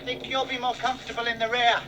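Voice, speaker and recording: Igor, a cheeky hunchbacked servant. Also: male voice, extremely high pitch, level tone, fast, very noisy. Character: mischievous hunchbacked male servant, cheeky joker. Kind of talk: 1970s film comedy acting.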